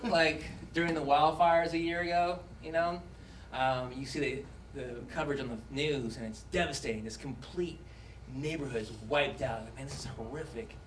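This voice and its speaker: A man with a slightly high voice, speaking at a moderate pace, performs a stand-up set in a comedy club, swearing and animatedly acting out voices as the audience laughs. The club recording is echoey and captured from a distance, with a little hiss or hum.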